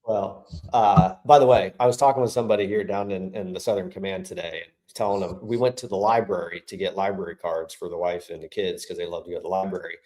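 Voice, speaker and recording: A man co-hosting a casual political podcast, talking in an animated, rambling way and swearing freely. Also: sits low, fast talker, hardly any pauses, rough recording. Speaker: podcast co-host.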